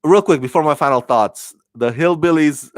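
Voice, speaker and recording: A man's voice: fairly high pitch, no echo. A man giving a casual spoken TV review, rambling and repeating words as he thinks aloud. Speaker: TV show reviewer.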